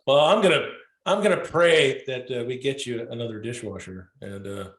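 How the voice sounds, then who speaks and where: A man's voice: mid-range voice, moderate pace, fairly bright tone. A man hosting a podcast, a wry listener who laughs along and cracks dry jokes. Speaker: podcast host. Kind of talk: casual chat.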